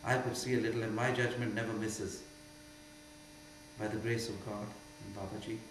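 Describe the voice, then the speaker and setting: An older man from India with an Indian accent, a spiritual teacher answering questions in an emphatic way that moves from quiet to loud. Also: lowish voice, steady tone, normal speed. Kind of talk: spiritual Q&A talk. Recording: very echoey hall with faint hum.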